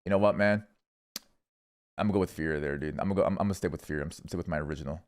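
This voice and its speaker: A young man streaming, casually rambling through esports predictions with lots of swearing and thinking out loud. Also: sits low, rapid-fire. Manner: rambling, profane, thinking aloud.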